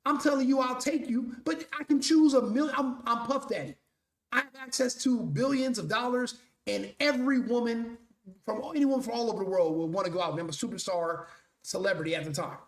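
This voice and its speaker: A man's voice: extremely high pitch, fairly quick, echoey room. A male show host delivering a blunt, profane, mocking commentary rant.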